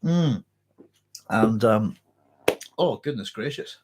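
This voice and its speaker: A man's voice: lowish voice, lively intonation, slow pace, darkish tone, breathy edge. A man from Northern Ireland with a Northern Irish accent hosts a live book club stream, chatting casually and apologizing a lot while slightly out of breath. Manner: apologetic, chatty, self-interrupting.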